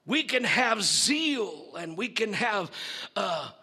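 A man preaching a sermon, telling a story in a theatrical, slow manner. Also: high-pitched, sing-song, bright, forceful tone, slightly rough.

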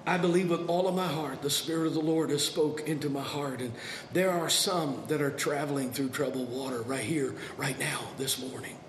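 A man pastor preaching a sermon to a congregation, swinging between soft and dramatic delivery. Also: fairly high pitch, steady tone, normal speed, reverberant, a little hiss or hum. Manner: preaching with dramatic shifts, acting out voices. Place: church sanctuary.

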